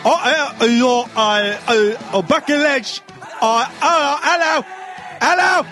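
A man's voice: very high voice, takes it slowly, bright, forceful tone, faint music behind, pitched above the performer's own voice, exaggerated voice. A man doing a brash crude Irish woman. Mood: silly. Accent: put-on Irish, shaky. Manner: blurts "oi" and "hello" over and over, crude. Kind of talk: comedic impression.

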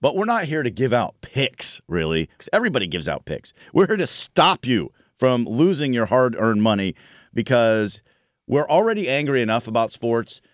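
A man's voice: medium pitch, sing-song, normal speed, no room sound, studio quality. A man hosting a sports podcast in casual chat, joking and laughing often. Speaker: podcast host.

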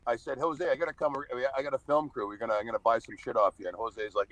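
A man's voice: mid-range voice, fast talker, fairly bright tone, rough recording. A man telling stories as a podcast guest over a call, blunt and freely profane. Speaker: podcast guest, reality show star. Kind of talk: casual storytelling on a call. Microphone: phone or video call over wifi.

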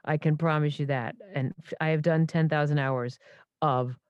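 A woman in her fifties, a stage performer and impressionist, telling stories in an animated way full of restarts and asides. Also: low voice, normal speed, no room sound, lo-fi sound. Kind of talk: casual interview storytelling.

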